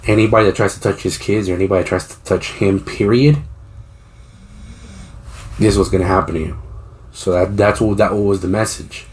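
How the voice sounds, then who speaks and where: A man's voice: fairly low pitch, steady tone, fairly quick, long pauses. A man co-hosting a podcast, retelling a story in a loose, rambling, profane way with frequent restarts. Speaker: podcast co-host. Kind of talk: casual storytelling chat.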